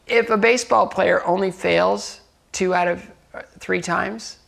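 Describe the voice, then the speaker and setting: Gravelly man telling animated stories. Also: high voice, a little slow. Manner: animated storyteller, acts out dialogue; upbeat, laughs often. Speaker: guest. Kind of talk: casual dinner-table conversation.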